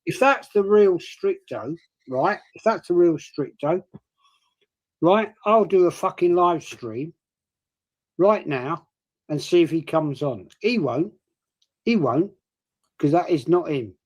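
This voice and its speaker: A brash man taunts someone on a live stream. His voice is a little high for a man, and he swears freely and repeats his challenges. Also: animated, slow pace, long pauses. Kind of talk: casual live-stream chat.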